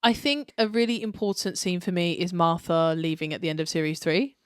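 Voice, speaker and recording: A woman's voice: on the low side, fairly quick, clean tone, no echo, studio quality. A young woman co-hosting a podcast, chatting casually with enthusiastic, jokey reactions. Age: young adult. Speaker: podcast co-host. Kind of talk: casual chat.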